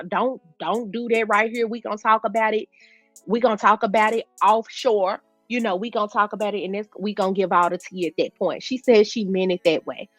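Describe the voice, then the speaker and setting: A woman's voice: mid-range voice, no room sound. A woman vlogger giving a casual, chatty recap of a reality show, talking straight to her viewers with informal slang. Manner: chatty, addresses viewers as "y'all".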